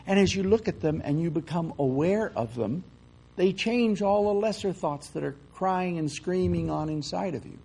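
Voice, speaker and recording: Gravelly, husky older man teaching. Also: sits high, animated, normal speed, a little mellow, low-quality recording. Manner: conversational, often checks in with "okay?" and "you see". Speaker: spiritual teacher. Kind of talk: spiritual lecture.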